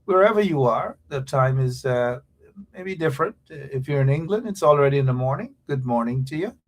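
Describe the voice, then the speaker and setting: A man's voice: mid-range voice, animated, a little fast. A man hosts an online political talk show in a rambling, emphatic way, with many fillers. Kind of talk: casual political commentary.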